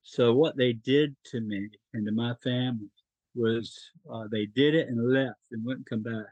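A man's voice: medium pitch, steady tone, normal speed, darkish tone, husky, dry recording, muffled recording. A middle-aged man from North Carolina, a podcast guest telling his life story in an emotional, earnest way.

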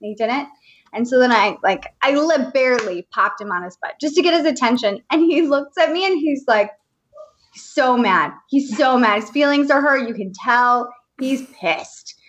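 A higher-pitched woman co-hosting a podcast, who tells a story in an animated, chatty way. Her audio sounds somewhat muffled and lo-fi. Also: moderate pace. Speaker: podcast co-host. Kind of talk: casual chat, storytelling.

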